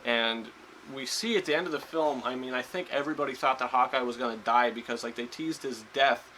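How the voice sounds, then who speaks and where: Bright-voiced man rambling through a review. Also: mid-range voice, brisk, slight background noise, rough recording. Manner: rambling, heavy on fillers and restarts. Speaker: movie reviewer. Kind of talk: casual spoiler review.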